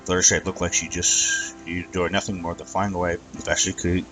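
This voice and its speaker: A man reading a fan fiction story aloud as narrator, with an even storytelling manner and some stumbles. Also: deep voice, fairly quick, faint music behind, low-quality recording.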